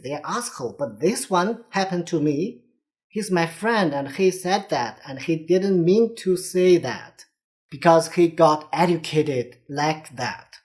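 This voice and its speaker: A man's voice: on the high side, darkish tone. A man with a Chinese accent, a native Chinese speaker, giving an urgent, earnest video commentary as a vlogger. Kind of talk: direct-to-camera commentary.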